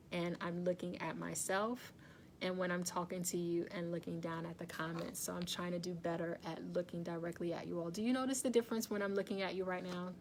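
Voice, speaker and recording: Hosting a relaxed wellness livestream, a woman with a lowish voice chats with her viewers, laughs a lot, and greets commenters by name. Her phone or webcam faces her, and the audio carries a slight hiss or hum.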